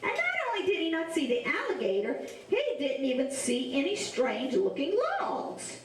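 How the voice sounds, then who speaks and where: A woman from south Louisiana with a Cajun accent, telling a story to children in an animated, drawn-out way and asking them questions. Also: high-pitched. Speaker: storyteller and face painter. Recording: echoey room from a distance.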